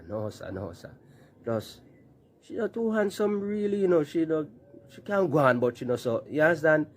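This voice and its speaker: A man's voice: medium pitch, a little mellow, slightly rough. A man with a Jamaican accent giving mocking, laughing political commentary in patois.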